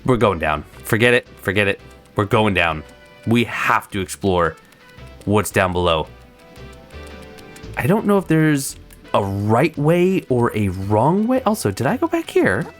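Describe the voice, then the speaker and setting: A let's-play host giving casual gameplay commentary with chatty, excitable asides. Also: medium pitch, a little slow, faint music behind.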